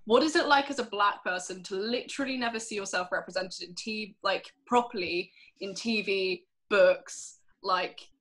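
A woman's voice: mid-range voice, normal speed, few pauses, a bit bright. A young woman in a casual discussion who asks questions earnestly, with many fillers. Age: young adult.

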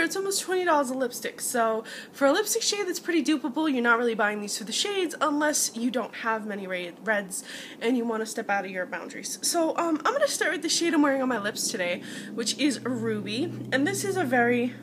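A woman's voice: on the high side, expressive, fairly quick, a bit bright, a little hiss or hum. A woman beauty vlogger giving a casual, chatty product review and talking straight to her viewers. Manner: chatty, addresses viewers as guys.

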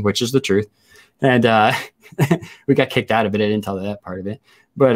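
A man in his forties, mid-range in pitch, hosts a relaxed chat. He spins crude, rambling stories in a loose, casual way and breaks into laughter often. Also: normal speed. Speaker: host.

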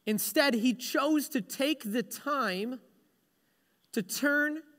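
A man's voice: extremely high pitch, drawn-out words, fairly bright tone, long reverb tail. A male pastor preaching a sermon, retelling stories with humorous, self-deprecating asides.

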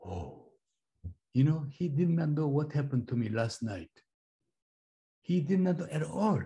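A middle-aged man whose first language is Korean, a pastor giving a testimony in a slow, halting way, repeating phrases as he goes. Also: mid-range voice, warm tone. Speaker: pastor and former missionary. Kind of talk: sermon-style personal testimony.

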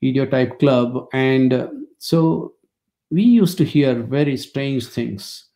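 A man's voice: medium pitch, animated, takes it slowly, mellow. A man in his sixties from India, speaking, gives a webinar lecture as wry, anecdotal storytelling.

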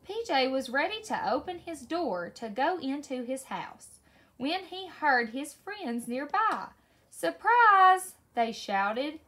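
A woman reading a children's story aloud in a slow, expressive way. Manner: slow, expressive read-aloud with lively pitch. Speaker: story reader.

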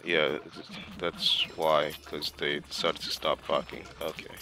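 Low-voiced young man muttering over gameplay. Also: level tone, slow, sharp tone. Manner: talks to himself while playing, slangy, with many fillers. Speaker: gameplay commentator. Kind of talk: casual gameplay commentary.

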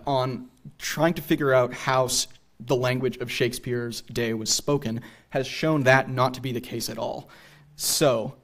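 A man giving a public history lecture in a theater, hesitant, with frequent fillers. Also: mid-range voice. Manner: hesitant, many fillers and throat clearing.

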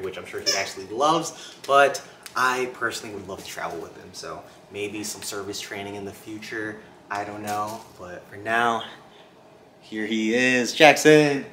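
A young man talking casually to camera in a relaxed, chatty vlog, with faint music behind him. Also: slight background noise. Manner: relaxed, chatty, talks to his dog in a high excited voice. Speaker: vlogger and dog owner.

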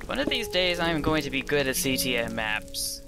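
A young man at mid pitch chats his way through a game, muttering his plans aloud and poking fun at his own mistakes. Game music runs steadily underneath his voice. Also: sing-song, moderate pace, vocal fry. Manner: self-deprecating, thinking aloud while playing. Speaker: let's play host. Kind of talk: casual gameplay commentary.

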